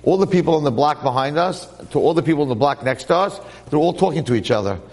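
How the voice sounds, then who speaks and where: A man lecturing and telling a story with lively jokes and frequent restarts, speaking to listeners in a room. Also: a little high, fast, big-room sound. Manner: animated, repetitive restarts, joking. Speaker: Jewish lecturer.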